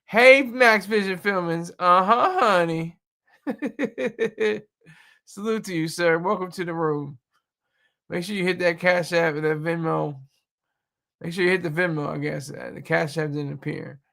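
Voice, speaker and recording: A man with a gravelly, bright edge to a slightly high voice talks through the news on his livestream. He rambles and jokes, doubling back on himself with fillers as he riffs to his viewers. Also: moderate pace. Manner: animated, joking, rambling with fillers. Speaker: livestream host reacting to news. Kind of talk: casual livestream commentary.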